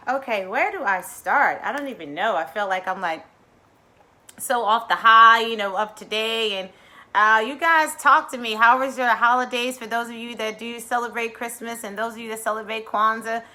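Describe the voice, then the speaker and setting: A woman hosting a casual mindfulness livestream, bubbly and excitable, talking straight to her viewers. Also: on the high side, moderate pace.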